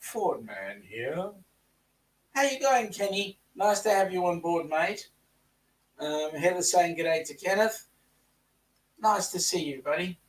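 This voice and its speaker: A man's voice: high-pitched, unhurried, recorded from a distance, rough recording. A man co-hosting a live chat stream, speaking with a South African-tinged Australian accent and reading out viewer comments. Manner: chatty, reads out viewer comments. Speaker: co-host.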